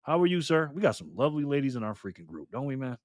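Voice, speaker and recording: A man's voice: medium pitch, very animated, fast talker, no echo, studio quality. A man hosting a casual live stream, greeting chat members by name and teasing them in a playful way.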